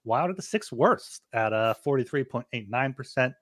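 A man's voice: medium pitch, lively intonation, normal speed, no room sound, studio quality. A man co-hosting a sports betting podcast, talking casually and often repeating words as he starts. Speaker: podcast co-host.

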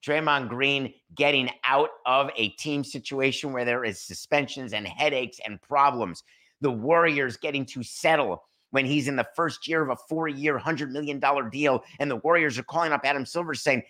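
A middle-aged man hosting a solo sports podcast, talking fast and animated, acting out imagined conversations. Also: medium pitch. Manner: animated, acts out imagined dialogues. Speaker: podcast host. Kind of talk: solo sports talk monologue.

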